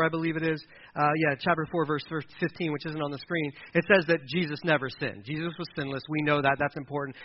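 A man preaching a casual sermon, chatty and loose, with plenty of everyday fillers. His voice sits a little high for a man. The recording is dull and lo-fi, with a faint hiss behind him. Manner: conversational, acts out quoted voices, fillers like "kinda" and "like".

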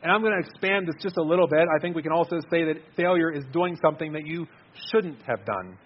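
A man's voice: fairly high pitch, fast, highs cut off. A man giving an earnest, conversational sermon, repeating words as he stresses his points. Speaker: preacher.

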